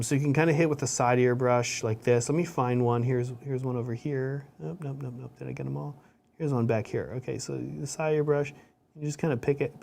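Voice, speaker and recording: A man's voice: mid-range voice, creaky, a little mellow, slight background noise. A man co-hosting a hobby show, chatting casually and explaining each step as he paints miniatures. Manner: chatty, explains steps as he works.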